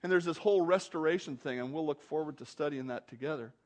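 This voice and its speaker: A man preaching an expository sermon, moving between quiet asides and loud, forceful outbursts. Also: a little high, quick pace. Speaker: pastor.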